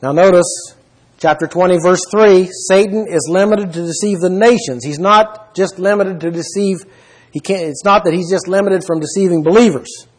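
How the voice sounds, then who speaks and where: A man's voice: high-pitched, moderate pace, slightly rough, rough recording. A man preaching a Bible teaching sermon, emphatic, asking the listeners questions and citing verses.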